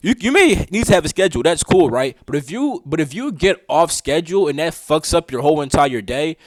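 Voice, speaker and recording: A man's voice: on the high side, very animated, fairly quick, no echo, low-quality recording. A young man giving a casual spiritual talk, slangy and swearing, often asking "you know what I'm saying". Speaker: spiritual teacher.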